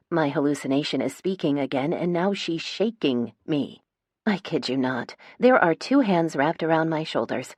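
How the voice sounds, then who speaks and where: A woman's voice: sits low, expressive, normal speed, a little mellow, no room sound. A woman narrating a first-person romance audiobook in a wry, dramatic storytelling manner, on a close studio mic.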